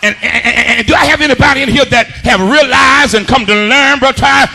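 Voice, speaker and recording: A male pastor delivers a sermon in a church, his voice pitched very high and ringing bright. He shouts and half-sings his phrases in a rising preaching cadence and keeps calling on the congregation to respond. Faint music plays underneath. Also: quick pace, vocal fry, husky. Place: church sanctuary.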